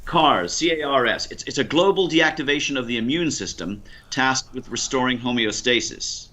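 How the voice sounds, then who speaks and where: Bright-voiced American quizmaster. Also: male voice, mid-range voice. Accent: American, Ohio. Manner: dry, deliberate, teasing. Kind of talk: running a quiz.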